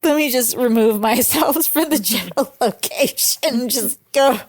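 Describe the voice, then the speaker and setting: A woman on a coaching call talking in a halting, casual way, often giggling. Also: a little high, dry recording. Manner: halting, slow while listing, giggly. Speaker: coaching client. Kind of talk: casual chat.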